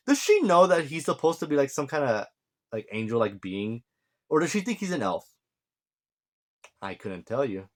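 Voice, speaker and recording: Casual rambling male reviewer. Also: fairly high pitch. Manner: rambling and sarcastic, with quick paraphrased voices. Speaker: video reviewer.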